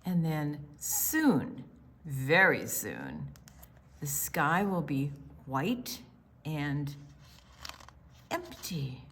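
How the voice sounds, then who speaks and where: A woman reading a picture book aloud to children, gentle and expressive, dropping to soft whispers at times. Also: low voice, very slow, long pauses, breathy edge. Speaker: storytime reader.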